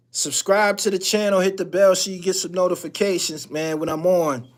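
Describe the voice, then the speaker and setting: A man's voice: high-pitched, steady tone, normal speed, hardly any pauses, a little mellow. A man hosting a live-stream call-in show, talking bluntly and profanely in a loose, rambling way with frequent restarts.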